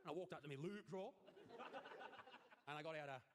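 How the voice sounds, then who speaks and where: Brash Australian stand-up comic. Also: male voice, quick pace, background noise. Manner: crude mock-earnest delivery, voice jumping high on punchlines. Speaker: stand-up comedian. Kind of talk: stand-up comedy routine. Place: comedy stage.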